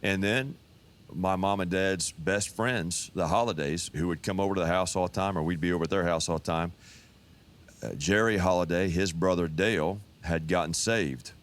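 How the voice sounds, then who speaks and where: Man, 50s, pastor, deep voice, folksy testimony storyteller. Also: moderate pace. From Texas.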